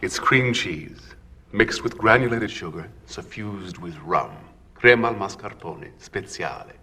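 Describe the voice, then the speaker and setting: An actor playing a sly, courtly older court composer who talks in a smooth, ingratiating way and savors his words. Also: fairly low pitch, expressive, measured pace, bright, forceful tone, heavily acted.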